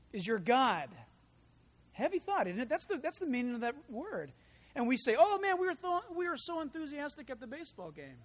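A pastor preaching a verse-by-verse Bible study sermon, with animated storytelling and humorous asides. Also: mid-range voice, in a large hall. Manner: acts out quoted voices.

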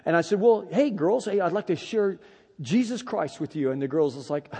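A middle-aged man preaching a sermon, telling a personal story with animated, emphatic delivery. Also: high voice, normal speed, slightly rough, in a large hall. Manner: animated storytelling, rising to loud emphatic peaks.

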